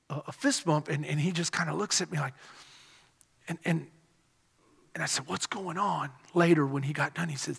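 A male pastor preaching a sermon with animated delivery, repeated refrains and call-and-response. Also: a little high, creaky, slightly rough. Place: church sanctuary. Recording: long hall reverb.

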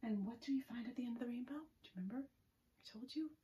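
A woman librarian leading a children's story time gently, often dropping to a whisper. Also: on the high side. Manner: gentle, often drops to a whisper, drawn-out words.

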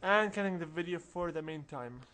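A man's voice: a little high, expressive, normal speed, very noisy. A man giving casual, rambling commentary over a role-playing game walkthrough, mumbling through asides. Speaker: let's play narrator.

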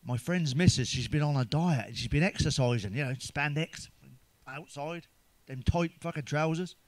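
A middle-aged man with a fairly high voice, telling crude stand-up jokes in a casual, swearing, conversational way and laughing at his own punchlines. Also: moderate pace, no echo. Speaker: stand-up comedian.

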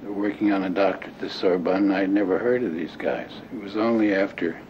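Give me a deep-voiced older man recalling the past haltingly, on muffled, noisy tape. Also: steady tone. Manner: halting, with many restarts and fillers. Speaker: interviewee. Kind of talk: reminiscing interview. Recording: dull lo-fi audio with clear noise.

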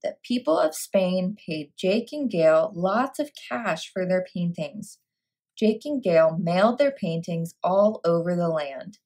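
A woman teacher reading a picture book aloud and walking through a phonics lesson, sounding out words clearly. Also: fairly low pitch, animated, a little slow, darkish tone.

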